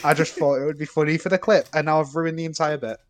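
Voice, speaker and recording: A man's voice: a little high, fairly even intonation, fast. Teasing young podcast man. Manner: teasing, dry banter. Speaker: podcast co-host. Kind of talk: casual chat.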